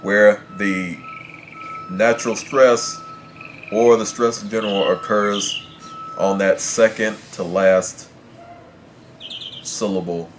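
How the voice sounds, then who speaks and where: A man teaching a Spanish pronunciation lesson in English, measured and repeating his points to make them clear. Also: on the low side, steady tone. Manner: measured, repeats and rephrases explanations. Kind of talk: explanatory language lesson. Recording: clear background noise with birdsong. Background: birds chirping.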